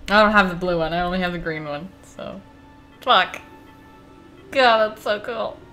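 A woman reacting to an animated short, gushing and excitable, swearing freely. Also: on the low side, moderate pace, soft background music. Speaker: video reactor. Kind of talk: reaction commentary.

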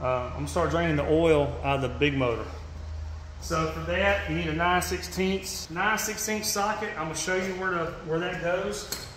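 Man with a Georgia drawl, slightly high. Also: normal speed, a bit bright, a little hiss or hum. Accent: Southern US (Georgia). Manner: folksy, says "y'all" often, many fillers and restarts. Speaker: fishing channel host. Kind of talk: casual how-to demonstration.

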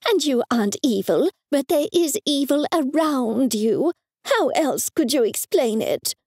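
A woman's voice: sits high, big pitch swings, unhurried, darkish tone, dry recording, clean studio sound, voice pushed up, full character voice. A woman putting on a nagging, superstitious mother. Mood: scolding. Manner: scolding, insistent, raised voice.

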